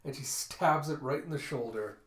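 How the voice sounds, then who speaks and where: A man casually walking through the panels of a comic, chatty and loose, with fillers and self-corrections. His average-pitched voice carries a roomy echo. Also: normal speed. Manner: casual, chatty, repeats "and you see". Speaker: comic book reviewer.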